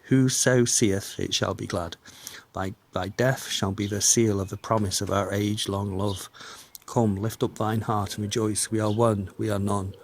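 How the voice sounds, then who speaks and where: A man giving a measured, declamatory reading of an old religious text. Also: lowish voice, little pitch movement. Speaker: reader.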